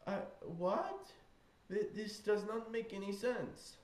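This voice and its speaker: Man doing a high, stammering, baffled young boy; roomy echo. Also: very animated, slow pace, darkish tone, full character voice. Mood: puzzled. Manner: bewildered, squeaky, stammering. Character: confused little boy, seven to ten.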